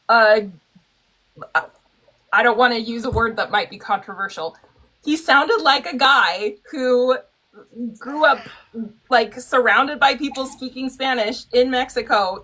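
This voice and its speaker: A woman's voice: a little high, pushed and bright, poor audio. A woman chatting as a guest over a video call, explaining at length with light laughs. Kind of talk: casual group chat on a live stream.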